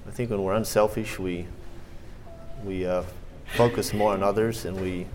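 A man giving a children's lesson at church and reading a story aloud, hesitant with many ums and restarts, often clearing his throat. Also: low-pitched, steady tone, normal speed, background noise.

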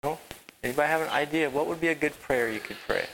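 A man teaching a children's Bible lesson at a rural property with a barn. He tells the story haltingly, repeats his words and asks the children questions. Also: a little high, vocal fry, a bit bright, a little hiss or hum, rough recording.

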